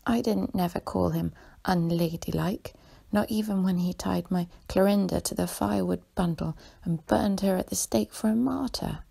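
A woman voicing a tearful, touchy young girl in a soft whispered role-play for a bedtime story. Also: low voice, animated, normal speed, full character voice. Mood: indignant. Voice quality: husky, creaky whisper.

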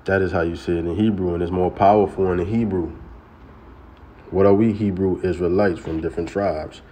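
A man teaching scripture in a casual way, often saying "man" and "you know" and chanting sacred names slowly. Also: sits low, fairly even intonation, mellow, a little hiss or hum. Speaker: religious teacher.

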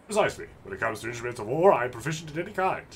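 A man's voice: medium pitch, big pitch swings, very fast, a little hiss or hum, natural voice. A man voicing a pompous self-styled nobleman of thirty-five, who scorns others in grand, old-fashioned wording. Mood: haughty.

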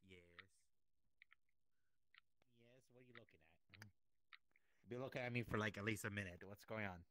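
A man streaming and chatting casually, playful and quick to laugh. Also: lowish voice, fairly bright tone, no echo. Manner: playful and giggly, chatting to his cat. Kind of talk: casual chat.

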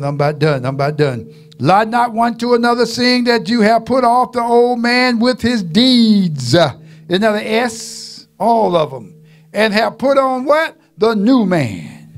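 Middle-aged male pastor, high and gravelly; folksy, playful preacher who drops to asides, then shouts. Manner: preaching with call-and-response, swinging from low asides to shouts; folksy, joking, drawls asides to the walls. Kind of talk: sermon.

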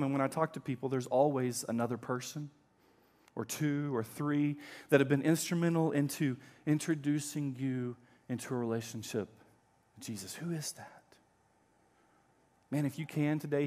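A middle-aged male pastor preaching a sermon, telling a story with emphatic swings between loud and quiet. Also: medium pitch, normal speed.

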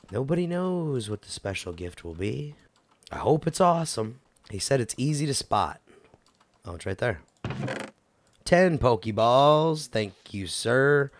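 A man giving casual let's-play commentary, goofy and chatting to the game characters as he plays. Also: lowish voice. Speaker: gameplay commentator.

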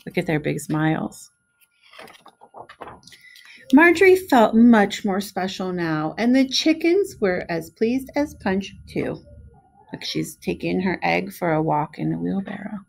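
A middle-aged woman, a preschool teacher, reading a picture book aloud in an expressive, friendly way and pointing out the pictures. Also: lowish voice, a little slow, creaky, slight background noise.

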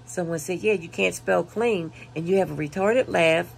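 A woman vlogger casually reading viewer comments aloud, laughing and mocking, punching the quoted lines loudly. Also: lowish voice, normal speed, gravelly, husky. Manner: laughing, mocking, reads comments with loud emphasis.

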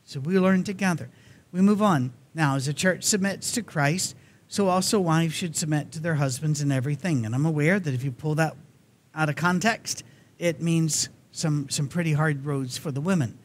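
A man's voice: fairly high pitch, normal speed, slight background noise. A man with a Tennessee accent preaching a folksy sermon in a church, joking often and restarting his sentences. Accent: Southern US, Tennessee. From Nashville area, USA. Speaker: guest preacher.

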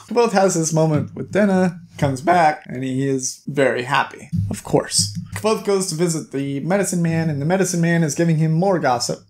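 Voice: mid-range voice, moderate pace, few pauses. A book reviewer giving a casual, chatty recap of a novel, with playful, jokey asides to the listener.

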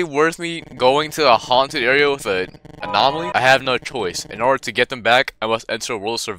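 A man's voice: brisk, hardly any pauses, slight background noise. A man commentating a horror game let's play, joking around and yelping when startled. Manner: excitable, jokey, yelps high when startled. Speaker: gaming channel host.

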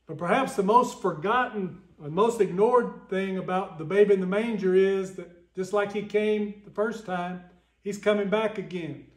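High-voiced Southern preacher in an echoey church. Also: male voice, moderate pace. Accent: Southern American. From American South. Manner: earnest, folksy preaching with scripture reading. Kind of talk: Sunday sermon.

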